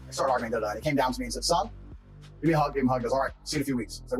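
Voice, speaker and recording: Rapid-fire, brash man telling stories. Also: mid-range voice, animated, soft background music. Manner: brash, blunt, swears freely. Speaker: interviewee in archived clips. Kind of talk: storytelling interview talk.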